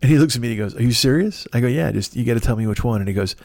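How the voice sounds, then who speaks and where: A man hosting a solo podcast from his dark apartment, telling rambling, profane stories in a casual monologue. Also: mid-range voice, rapid-fire, creaky, no echo. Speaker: podcast host.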